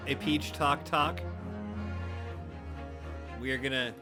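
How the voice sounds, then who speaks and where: A jokey, upbeat man hosting a casual livestream in a mid-pitched voice. Music plays behind him as he chats. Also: fairly even intonation, slow. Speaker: livestream host. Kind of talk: casual stream chat.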